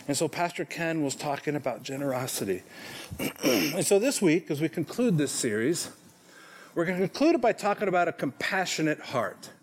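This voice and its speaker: A pastor in his forties preaches to his congregation with a high voice and an easy, conversational delivery. He pokes fun at himself and keeps checking in with "okay?" as he talks. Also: big pitch swings, normal speed, a little hiss or hum. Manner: conversational, self-deprecating, frequent "okay?" check-ins. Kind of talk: sermon. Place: church sanctuary.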